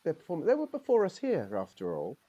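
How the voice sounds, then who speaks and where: Man doing a proud middle-aged Morris dancer for a role-play game: opinionated, rambling, lively up-and-down delivery. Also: on the high side, fast talker, slightly rough, muffled recording, heavily acted. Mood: recalling. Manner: opinionated, rambling, says "aye". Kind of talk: improvised character role-play.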